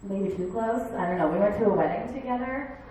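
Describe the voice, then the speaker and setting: A woman in her thirties doing a stand-up comedy set, chatty and animated, slipping into quick impressions. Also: medium pitch, a little hiss or hum. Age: 30s. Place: bar stage. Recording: echoey bar room from far off.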